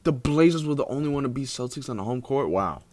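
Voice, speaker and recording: A man's voice: medium pitch, animated, fast, a little mellow. A man hosting a reaction video, talking slangy and casual, drawing words out for emphasis and cursing. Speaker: reaction channel host.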